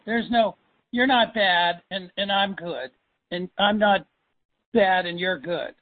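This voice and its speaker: A man's voice: high voice, slow, dry recording. Emphatic man on a phone line. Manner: emphatic, repeats himself for stress. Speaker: sales coach. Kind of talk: coaching call.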